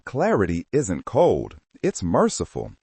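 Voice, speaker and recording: A man's voice: low voice, wildly swooping pitch, unhurried, gravelly, mellow, breathy edge, dry recording. A man giving a scripted motivational narration with dramatic, emphatic delivery.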